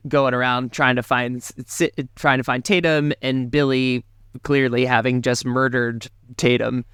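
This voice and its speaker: Podcast co-host, male, animated casual recap, clean resonant voice, dry sound. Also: a little slow, smooth, dry recording. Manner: animated, jumps into high mocking impressions.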